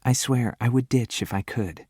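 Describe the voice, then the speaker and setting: Sassy, teasing young woman with quick comebacks, read by a male narrator. Dry studio read. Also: mid-range voice, dark tone, slightly rough, no room sound, voice pushed up, natural voice.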